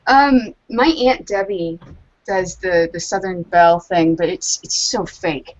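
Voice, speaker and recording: A woman's voice: fairly low pitch, a little slow, highs cut off. A woman from Charleston chatting casually on a podcast, rambling with lots of likes and ums. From Charleston, South Carolina, US. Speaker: guest artist.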